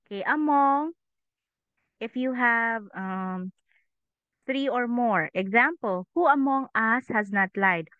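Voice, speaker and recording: A woman teaching an online English class to children, patient, with a steady stream of questions and "okay"s. Her voice is fairly high and smooth. It comes through thin, phone-like call audio with no room sound. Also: slow, no echo. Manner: patient, asks questions, says "okay" often. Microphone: video call microphone.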